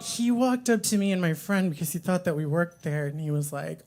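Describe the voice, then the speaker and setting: A woman's voice: lowish voice, lively intonation, brisk, darkish tone, a little hiss or hum. A woman doing a stand-up comedy set at a coffee shop open mic, crude and rambling, with lots of "um" and "like".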